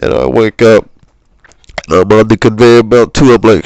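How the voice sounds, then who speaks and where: A man's voice: on the low side, moderate pace, darkish tone, no room sound, poor audio. A young man telling a made-up story in casual slang, rambling with lots of fillers and swearing, recorded on a cheap home microphone. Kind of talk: casual improvised comedic storytelling.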